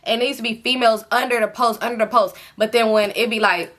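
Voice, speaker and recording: A woman in her late twenties tells a story from her own life to her viewers, frank and chatty, and she swears freely. Her voice is bright and forceful and sits a little high. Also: fairly even intonation, fast talker. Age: late 20s. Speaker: storytime vlogger.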